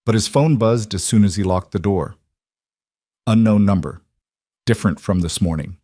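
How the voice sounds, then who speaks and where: A man narrating a scripted drama story in a measured, terse way, recorded close on a studio mic. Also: lowish voice, warm tone, no room sound.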